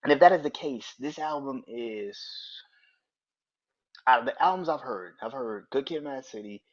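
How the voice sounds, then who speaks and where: A man hosting a casual podcast, talking bluntly and profanely and breaking into loud, incredulous rants. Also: medium pitch, lively intonation, normal speed, dull audio. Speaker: podcast host.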